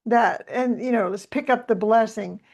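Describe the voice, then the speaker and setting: Woman host, conversational and encouraging, pitched a bit high. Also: moderate pace, gravelly, a little mellow. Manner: encouraging, affirming. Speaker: podcast host. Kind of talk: conversational interview hosting.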